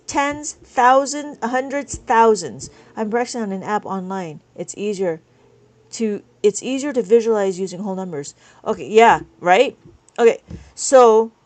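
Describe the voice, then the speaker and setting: A woman teaching abacus math on a live stream, counting beads aloud patiently and chatting with her viewers between steps. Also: on the high side.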